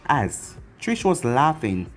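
Husky male storyteller over faint music. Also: medium pitch, wildly swooping pitch, takes it slowly. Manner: plain, running narration. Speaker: narrator. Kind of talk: fan fiction story reading.

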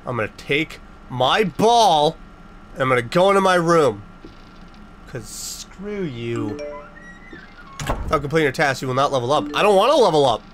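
A man hosting a casual let's-play, joking sarcastically and blurting loud startled reactions. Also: a little high, animated, unhurried, pauses often, faint music behind. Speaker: gaming channel host.

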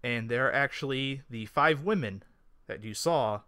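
A man running a tabletop game as game master, narrating in an unhurried way and thinking aloud. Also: medium pitch, pushed and bright, no echo, studio quality.

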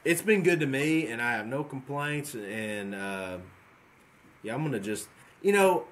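A man in his forties, a guest on a podcast, talking frankly in a relaxed, rambling way. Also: medium pitch, measured pace. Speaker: guest trapshooter. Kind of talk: casual podcast chat.

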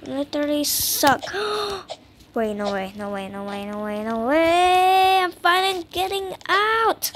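The young woman keeps up her casual commentary over the game, high-voiced and excitable yet slow and drawn-out. She says things more than once and lapses into whispers, over noticeable background noise.

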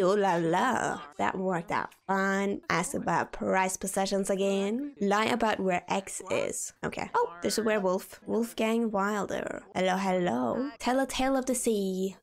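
A woman's voice: medium pitch, unhurried, vocal fry. Chatty woman narrating her life-sim game. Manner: chatty and expressive, talking to her game characters. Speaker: gaming channel host. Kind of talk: casual gameplay commentary.

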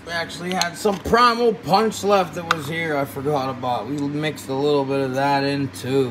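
A man casually chatting and reviewing his cannabis gear in a vlog, excitable and swearing constantly in slangy talk. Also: on the high side, normal speed, hardly any pauses, noisy background. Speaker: cannabis vlogger. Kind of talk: casual profane vlog chat.

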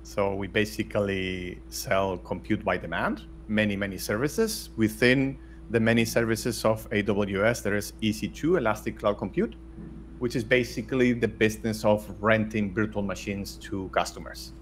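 A man's voice: lowish voice, moderate pace, slight background noise. A middle-aged man from Spain, talking bluntly as an interview guest with many restarts. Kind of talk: casual interview talk.

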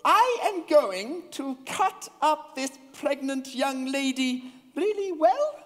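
A man's voice: very high-pitched, sing-song, slow, full character voice. A man voicing a threatening male street thug in a live comic puppet show. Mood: fawning. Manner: threatening, then fawning. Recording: reverberant lecture hall.

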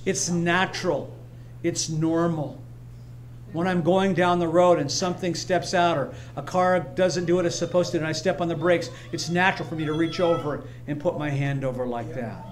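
A man preaching in a high, ringing voice, hammering home repeated phrases and drifting into homely personal stories. A faint hum sits under his words in the church. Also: fairly even intonation, normal speed. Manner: emphatic, repetitive, personal storytelling. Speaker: pastor. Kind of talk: sermon. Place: church sanctuary, streamed live.

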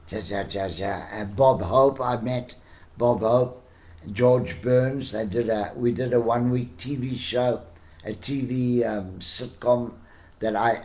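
Older South African man telling stories. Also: lowish voice. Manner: animated, chuckling storyteller who acts out quotes. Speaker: podcast guest. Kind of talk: casual storytelling.

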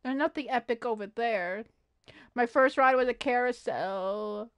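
A woman streaming a video game, chatting excitedly to herself and her viewers, often gasping and saying she is freaking out. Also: a little high, a little slow, clear, resonant tone. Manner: excitable, gasping, talks to herself while playing. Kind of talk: casual gaming livestream chatter.

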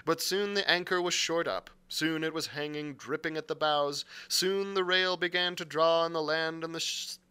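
A man reads a classic adventure novel aloud for a live library show. His voice is bright and forward, sitting a little above an average man's pitch. The telling is expressive, with the odd slip he catches and fixes. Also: normal speed, few pauses, clear, resonant tone. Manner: expressive storytelling with occasional slips and self-corrections. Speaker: library reader.

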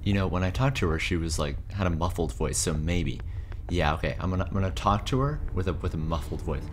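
A man giving sarcastic, jokey let's-play commentary on horror games, reacting loudly to scares. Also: deep voice, fast talker, a little hiss or hum. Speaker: gaming YouTuber. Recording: game music behind the voice. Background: game music.

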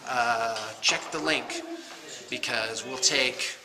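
A mid-range male voice takes things slowly as this middle-aged painting studio owner unboxes miniatures. The chat is casual and rambling, full of jokes at his own expense, recorded in a noisy room.

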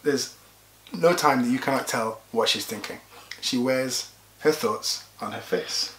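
A man's voice: medium pitch, a little slow, fairly bright tone, a little hiss or hum. A man from the UK co-hosting a casual couple's vlog, dry and sarcastic. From UK, Yorkshire. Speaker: vlog co-host. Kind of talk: casual chat. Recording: echoey room.

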